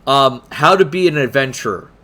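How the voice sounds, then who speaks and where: A man's voice: mid-range voice, moderate pace, fairly bright tone. A man co-hosting a casual chat about tabletop games, rambling, swearing casually and laughing often. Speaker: podcast co-host.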